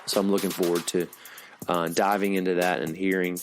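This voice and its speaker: A man's voice: deep voice, level tone, brisk, faint music behind. A man with a Southern American accent, hosting a podcast in a casual, easygoing way with lots of fillers, heard over a video call. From Alabama. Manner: easygoing, filler-heavy, conversational. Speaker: podcast host.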